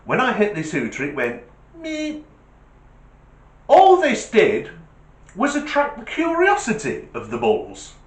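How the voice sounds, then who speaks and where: A middle-aged man telling a comic anecdote in an animated, self-mocking way. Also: sits high, moderate pace. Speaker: storyteller, test driver. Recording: roomy echo.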